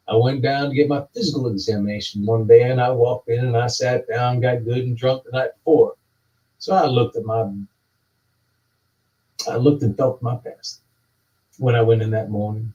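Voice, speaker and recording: A man telling a long, rambling, repetitive spoken-word story that builds up to excited yelling. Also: medium pitch. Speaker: storyteller performing a talking monologue. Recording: distant, dull lo-fi recording.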